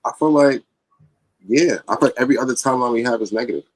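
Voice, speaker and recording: A man's voice: mid-range voice, fast, poor audio. A man co-hosting a podcast in casual chat, defensive and exasperated. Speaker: podcast co-host.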